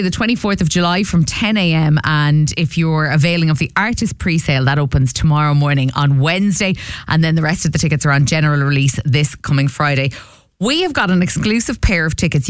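A woman's voice: fairly low pitch, clean tone, dry recording, clean studio sound. A woman with an Irish accent presenting a radio show, chatting and teasing a caller in an upbeat way. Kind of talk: radio call-in chat. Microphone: studio microphone.

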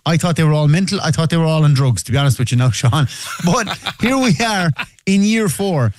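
An Irish man, a radio guest and festival organiser, telling stories in a lively, joking way. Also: fairly high pitch, fast, dry recording. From Ireland. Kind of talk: casual radio chat.

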